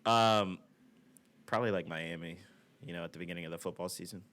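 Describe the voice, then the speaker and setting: A man's voice: low voice, fairly quick, a bit bright. A young man in his twenties, co-hosting a podcast in casual, profane, laughing banter. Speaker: podcast co-host.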